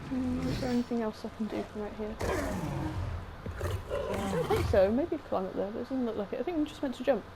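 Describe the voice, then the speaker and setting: Young female streamer with a sore throat, excitable and swearing, high voice, noisy background. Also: a little fast, pauses often. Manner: excitable, swears often, talks to the game creature. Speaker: game streamer. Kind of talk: let's-play commentary.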